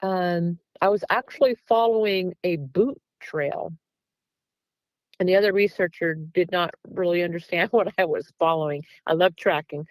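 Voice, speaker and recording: A woman guest researcher casually tells a story in an interview, acting out the back-and-forth dialogue with plenty of "um" and "like." Her voice is on the low side at a moderate pace, in a dry, low-quality recording.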